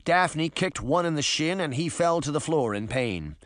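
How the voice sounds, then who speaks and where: A man reading a children's adventure novel aloud with expressive, varied narration. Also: on the high side, normal speed, no room sound, studio quality. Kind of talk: audiobook narration.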